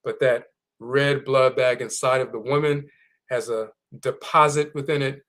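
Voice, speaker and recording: Man, mid pitch, teaching tone, slow and deliberate, spells terms out. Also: steady tone, a bit bright. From North America. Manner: deliberate, spells words out letter by letter. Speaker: lecturer on spiritual tradition. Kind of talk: explanatory lecture.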